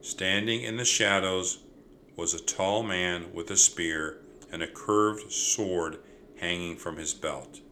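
A man narrating a children's chapter book in a clear, steady storytelling manner. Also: deep voice, slow pace, slight background noise.

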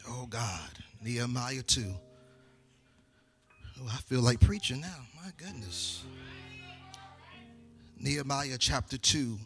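A man's voice: medium pitch, vocal fry, fairly bright tone. A male pastor preaching to his congregation, reading scripture in a rising, sing-song preacher's cadence. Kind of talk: sermon. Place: church sanctuary with congregation.

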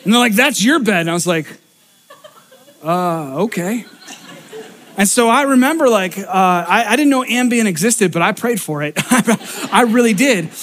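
High-voiced pastor telling a funny story. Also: male voice, brisk, slight background noise. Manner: animated, self-deprecating storytelling with laughter. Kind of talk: storytelling sermon.

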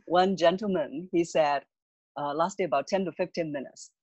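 A voice coach calmly and patiently explaining voice techniques as an interview guest. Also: medium pitch, measured pace, husky, no room sound, lo-fi sound. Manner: calm, patient, instructive.

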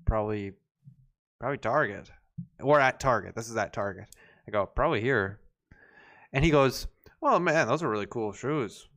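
A man's voice: medium pitch, animated, normal speed, long pauses, a bit bright. A man co-hosting a podcast, telling rambling stories in casual chat with lots of fillers and restarts. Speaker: podcast co-host.

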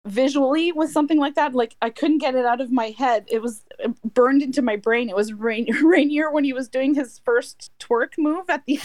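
A woman's voice: sits high, normal speed, hardly any pauses, darkish tone, no room sound. A middle-aged woman chatting casually as a podcast co-host, laughing often and trailing off into restarts. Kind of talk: casual chat.

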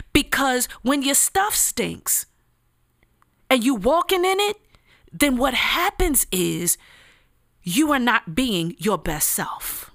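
A woman's voice: high voice, fairly bright tone, dry recording, clean studio sound. A woman giving a motivational devotional talk, earnest and emphatic, with casual slang and repeated phrases. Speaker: speaker giving a devotional message.

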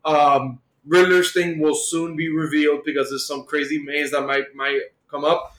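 A man's voice: on the high side, level tone, moderate pace, a bit bright. A man co-hosting a podcast, casually retelling a comic book plot in a rambling way, with lots of fillers. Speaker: podcast co-host. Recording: roomy echo.

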